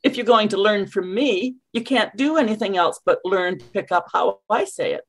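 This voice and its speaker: A middle-aged woman from Canada coaches in an emphatic way, firing off rhetorical questions. Her voice sits at a middle pitch. She speaks over a video call. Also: lively intonation, moderate pace. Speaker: English coach. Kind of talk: interview answers, teaching.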